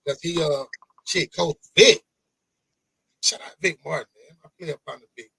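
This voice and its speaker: A man hosting a podcast interview, talking in an animated, rambling way, swearing often and repeating himself. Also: a little high, normal speed, vocal fry, breathy edge, dry recording, poor audio. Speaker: podcast host. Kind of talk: casual interview chat.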